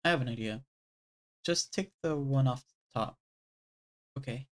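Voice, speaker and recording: Streamer voicing game lines live, mid-pitched voice, animated, with loud outbursts and quiet murmured stretches. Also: unhurried, long pauses. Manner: animated, swings between loud bursts and low murmured reading. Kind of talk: reading game dialogue aloud live.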